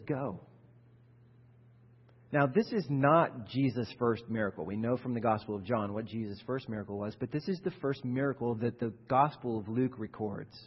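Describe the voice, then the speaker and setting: A man's voice: medium pitch, breathy edge, in a large hall, dull audio. A male pastor giving a sermon in a conversational style that builds to emphatic peaks.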